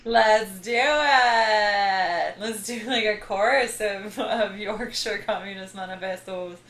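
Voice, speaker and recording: A woman's voice: medium pitch, takes it slowly, fairly bright tone. A young woman hosting an interview, gushing with enthusiasm and giggling often as she talks. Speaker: interviewer, host. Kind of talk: casual interview conversation. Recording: echoey room.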